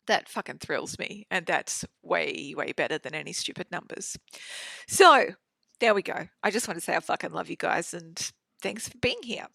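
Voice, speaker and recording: Aussie woman rambling on her podcast, lots of swearing and likes, bit of vocal fry, dry studio. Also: medium pitch, a bit bright, no echo. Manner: chatty, swears freely, many fillers. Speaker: podcast host. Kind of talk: casual solo podcast monologue. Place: home studio.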